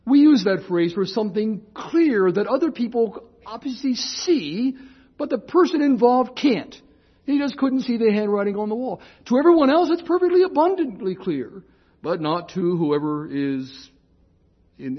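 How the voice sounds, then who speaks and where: Husky older man lecturing, muffled recording. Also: sits high, animated, moderate pace. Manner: chatty, digressive, with restarts and self-corrections. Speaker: lecturer on scripture. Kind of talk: informal classroom lecture.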